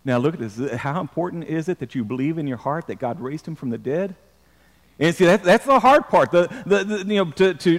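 A man's voice: high-pitched, big-room sound. A man preaching a sermon as pastor, emphatic, repeating words and drawing the congregation into responses.

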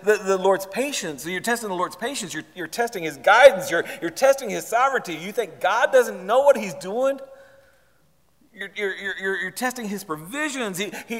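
A man's voice: extremely high pitch, fairly bright tone, long reverb tail. A man preaching a sermon to his congregation, repeating words and firing questions at them. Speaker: pastor. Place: church sanctuary.

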